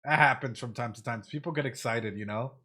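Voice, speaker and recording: A man giving casual reaction commentary to an animated show on a live stream, talking straight to his chat and often repeating phrases. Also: mid-range voice, a little fast, husky. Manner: chatty, repeats phrases, addresses chat directly; thinks in Spanish at times.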